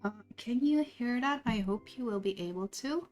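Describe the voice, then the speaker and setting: A woman's voice: fairly high pitch, animated, normal speed, darkish tone. A woman with a Dutch accent, a streamer telling stories in casual chat, rambling with many restarts. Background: faint background music.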